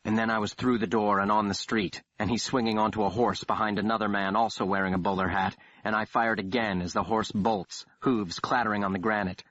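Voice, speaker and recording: Male narrator, low voice, measured and dramatic, dull dry recording. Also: fairly bright tone. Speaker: audiobook narrator. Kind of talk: scripted narration. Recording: dull, dry studio read.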